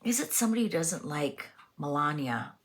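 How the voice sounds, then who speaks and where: A woman with a notably low voice reads tarot cards aloud in a loose, chatty way. She muses as she goes and leans on fillers between the card names. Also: animated, normal speed. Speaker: tarot reader. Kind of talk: casual tarot reading monologue.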